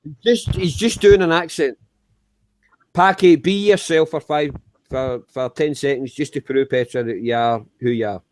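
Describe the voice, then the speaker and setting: A man's voice: mid-range voice, normal speed, no room sound. A man in a voice chat teasing a friend and laughing often, in a casual tone. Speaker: voice chat participant.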